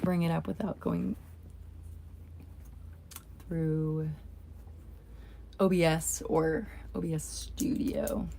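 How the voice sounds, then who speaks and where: A woman chats on her livestream from home, rambling through a story with plenty of asides. She talks at an unhurried, drawn-out pace with a gravelly fry in her voice. A faint hum of noise sits underneath. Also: sits low, flat delivery, mellow. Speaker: livestream host. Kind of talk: casual livestream chat.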